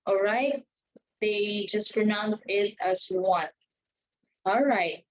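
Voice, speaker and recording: Slow, deliberate woman teaching test tips. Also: medium pitch, slight background noise. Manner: slow, deliberate, checks in with "okay" and "right". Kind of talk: exam tips lesson. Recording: dull lo-fi sound.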